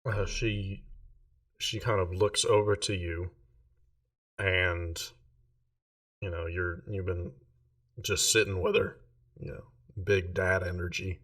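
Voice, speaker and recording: A man's voice: deep voice, level tone, takes it slowly, pauses often, fairly bright tone, distant mic. A man narrating as game master of a tabletop game, rambling with many fillers.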